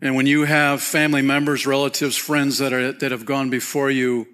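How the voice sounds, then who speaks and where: A pastor preaching a sermon, casual and animated, peppering his talk with "man" and "you know". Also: moderate pace, hardly any pauses, clean tone. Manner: animated, rises high when excited, softens and drops low near the close.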